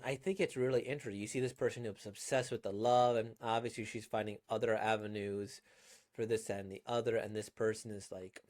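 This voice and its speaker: A man chatting casually about a comic he has read aloud. He rambles, fills gaps with "like" and "um", and picks apart his own performance. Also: mid-range voice. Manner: rambling, self-critical, many fillers. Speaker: manga reader and reviewer. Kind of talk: casual reaction commentary.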